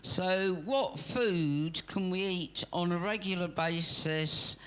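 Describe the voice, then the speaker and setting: A woman's voice: fairly low pitch, takes it slowly, clean tone. A woman in the audience asking a question hesitantly. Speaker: audience member.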